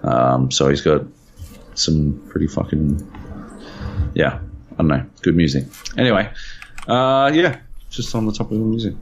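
A man's voice: very deep voice, measured pace, long pauses, lo-fi sound, a little hiss or hum. A man co-hosting a podcast in casual chat, swearing freely and teasing. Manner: swears freely, banters and teases. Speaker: podcast co-host.

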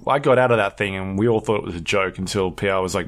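A man's voice: deep voice, fast. A man hosting a casual podcast chat, rambling along with many ums and uhs and light laughs. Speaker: podcast host.

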